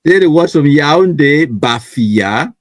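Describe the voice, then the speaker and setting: A man's voice: on the high side, lively intonation, takes it slowly, no room sound. Chatty Cameroonian man reading viewer comments. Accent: Cameroonian English with Pidgin. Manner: chatty and teasing, laughs often, reads viewer comments aloud. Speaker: online news show host. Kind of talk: casual live-stream comment reading.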